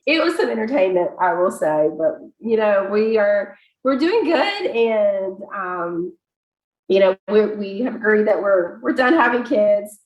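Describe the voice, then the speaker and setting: A woman guest on a podcast, telling a personal story in a chatty, animated way with many fillers. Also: medium pitch, a little slow, lo-fi sound. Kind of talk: casual interview storytelling. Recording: echoey room.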